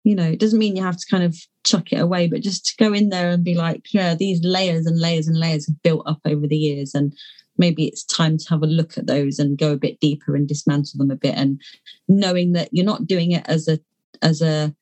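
Candid woman, lowish voice. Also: fairly even intonation, a little fast, darkish tone. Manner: candid, earthy, swears casually. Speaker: guest author. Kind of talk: casual conversational interview.

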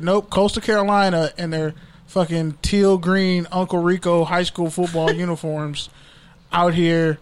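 A man hosting a sports podcast in a fairly high voice, talking casually. He rants and cracks jokes, swearing freely as he goes. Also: little pitch movement, unhurried, clear, resonant tone. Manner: profane, joking rants. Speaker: podcast co-host.

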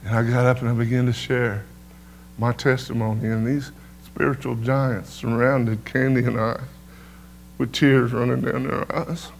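This middle-aged preacher has a gravelly, medium-pitched voice with little pitch movement and a measured pace, with a little hiss or hum in the recording. He gives his testimony through folksy stories, throwing "amen" out to the congregation.

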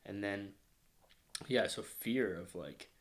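A man in his thirties from Northwest Arkansas, US, speaks with a slight Arkansas accent and a fairly low pitch. As a guest in an emotional personal interview, he reflects on his childhood grief, nearly in tears, slowing and softening into near-whispers when the feeling takes over.

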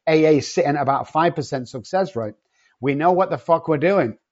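A man's voice: fairly high pitch, fairly quick, darkish tone, highs cut off. A man in a podcast conversation who talks bluntly and swears constantly, cocky and confrontational. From not from England. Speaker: addiction treatment company owner.

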